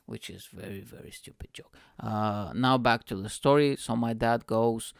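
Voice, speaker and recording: Male podcast host, gravelly and smooth, dry close mic, self-deprecating stand-up read. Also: fairly even intonation, moderate pace, few pauses, no room sound. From Bulgaria. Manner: self-mocking, swearing, slips into high-pitched voices for quoted people. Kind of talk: reading a stand-up set aloud.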